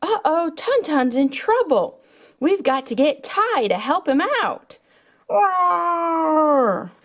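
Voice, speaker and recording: A woman narrating a toy play for children in an animated storytelling manner. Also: high-pitched, unhurried.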